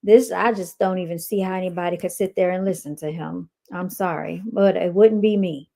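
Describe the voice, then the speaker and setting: A woman hosting a livestream, giving blunt, animated commentary and talking straight to her viewers. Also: fairly low pitch, fairly quick, creaky. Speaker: livestream host.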